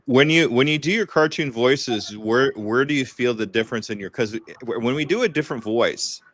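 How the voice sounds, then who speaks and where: A man's voice: mid-range voice, moderate pace, fairly bright tone. A man from California, a podcast guest who does cartoon voices, talking in an upbeat, encouraging way. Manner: upbeat, encouraging, with easy laughs. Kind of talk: casual interview chat.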